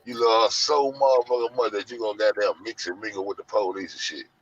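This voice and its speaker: A man, ranting loud and profane to his online audience in heavy slang. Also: on the low side, steady tone, brisk. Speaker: show host. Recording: muffled lo-fi audio.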